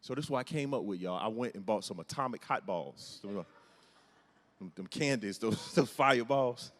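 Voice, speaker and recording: A comedian telling a story on stage, animated and acting out the scenes and voices. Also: male voice, on the low side, normal speed. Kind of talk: stand-up storytelling. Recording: echoey hall with long reverb.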